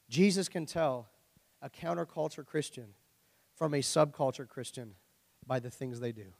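A man's voice: a little high, moderate pace, creaky, long pauses, a little mellow. A middle-aged man preaching a sermon as pastor, conversational and joking, full of rhetorical questions. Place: church. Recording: long church hall reverb.

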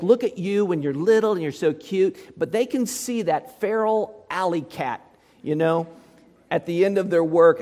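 A man's voice: high-pitched, a little mellow, big-room sound. A male pastor preaching a sermon in a conversational way, often putting rhetorical questions to his listeners.

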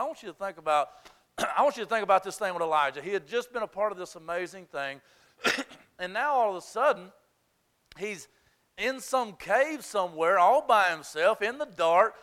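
Brief: male pastor, high bright voice, emphatic yet conversational, confessional sermon. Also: expressive, normal speed.

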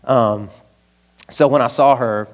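A male pastor with an Arkansas accent, preaching a sermon in an earnest, confessional storytelling manner that rises to loud, emphatic peaks. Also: mid-range voice, fairly even intonation, takes it slowly.

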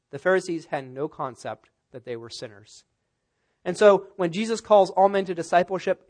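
A man preaching from the pulpit in an expository sermon. His voice sits a little high for a man, and he leans hard on key words, repeating them with loud stresses. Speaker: pastor.

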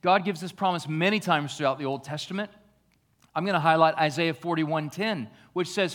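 Higher-voiced man preaching with dynamic swings. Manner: swings between hushed, slow reflection and raised, emphatic preaching. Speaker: pastor. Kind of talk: sermon. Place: church.

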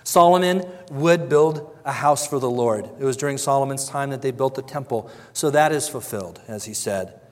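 A man's voice: medium pitch, moderate pace, few pauses, darkish tone, big-room sound. A man preaching a sermon, earnest and conversational, who briefly acts out the voices of the people he quotes and often repeats his words. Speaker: pastor.

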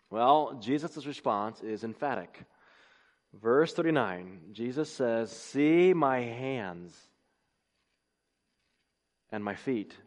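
A man's voice: mid-range voice, a little mellow. A man preaching a sermon, reading scripture and building to emphatic, rising exclamations. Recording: long hall reverb.

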